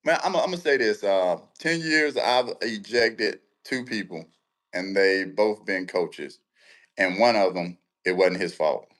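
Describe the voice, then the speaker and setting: A man, an umpire guest in a casual interview, telling lively stories and often checking in with the listener. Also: lowish voice, measured pace. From Central Texas.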